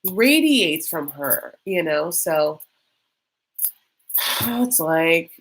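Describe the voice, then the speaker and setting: A woman's voice: low voice, lively intonation, extremely slow, breathy edge. A woman hosting a live stream, reacting to a reality show in a chatty, sarcastic, theatrical way. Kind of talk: casual live reaction chat.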